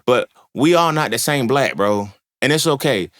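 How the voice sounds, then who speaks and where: A man's voice: medium pitch, lively intonation, moderate pace, a bit bright. A young man hosting a podcast, talking in a casual monologue, slangy, profane and emphatic as he tells stories. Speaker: podcast host.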